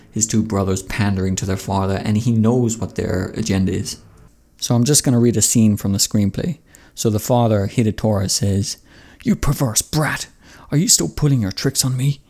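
A man's voice: lowish voice, a little mellow. A man hosting a casual film commentary, talking loosely and conversationally with lots of filler phrases. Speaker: video essay host.

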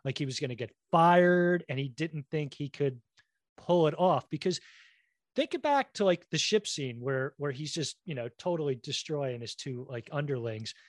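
A man's voice: on the high side, expressive, normal speed, no echo, clean studio sound. A man co-hosting a casual chat, animatedly telling anecdotes with lots of "like" and "you know".

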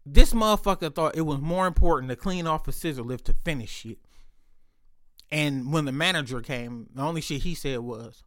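A man's voice: fairly high pitch, normal speed, fairly bright tone, no echo, studio quality. A man telling a rambling, profane story in a casual monologue, laughing as he goes.

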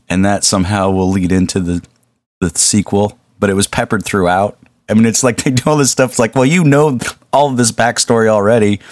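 A man's voice: on the low side, no echo, studio quality. A man hosting a podcast, talking about a movie casually with rambling asides and frequent laughter. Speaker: podcast host.

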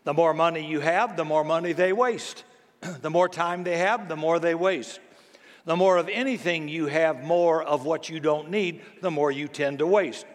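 Folksy older man preaching, long reverb. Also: fairly high pitch. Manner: folksy, storytelling, slow and deliberate. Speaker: pastor. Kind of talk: sermon.

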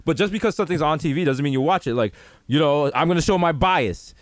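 A man, co-hosting a casual comedic chat and acting out stories with lively put-on voices. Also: a little high, fast talker, no room sound. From New York. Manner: animated storytelling, acts out other voices. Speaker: podcast co-host.

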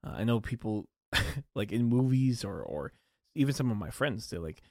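A man's voice: mid-range voice, lively intonation, normal speed, darkish tone, no echo, studio quality. A young man hosting a casual solo podcast, rambling and self-deprecating with lots of fillers and restarts. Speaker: podcast host.

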